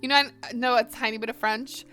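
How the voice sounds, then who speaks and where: A chatty young American woman hosts a relaxed live stream, talking straight to her viewers while she colors. Her voice sits a bit high and comes across bright and forceful. Soft music plays quietly behind her. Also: fairly quick. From northern United States. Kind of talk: casual chat while coloring.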